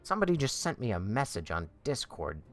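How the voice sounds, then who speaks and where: A man's voice: medium pitch, sing-song, brisk, faint music behind. A man ranting profanely and in exasperation while chatting on a game livestream from home. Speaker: game streamer. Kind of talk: livestream chat.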